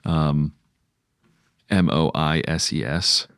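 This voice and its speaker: Deep-voiced man, dry close sound. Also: steady tone, slow pace, fairly bright tone, smooth, no echo. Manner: hesitant, many fillers, jumps into high-pitched character voices. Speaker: podcast co-host. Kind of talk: casual brainstorming chat.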